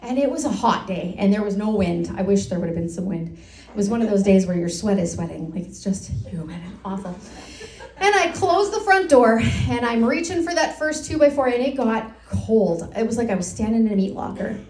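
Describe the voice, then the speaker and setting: A middle-aged woman, telling lively, self-mocking stories from her work as a lighthouse tour guide to a live audience in a brewery. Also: mid-range voice, brisk. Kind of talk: live storytelling talk to a pub audience. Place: brewery event room. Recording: roomy, echoey venue sound.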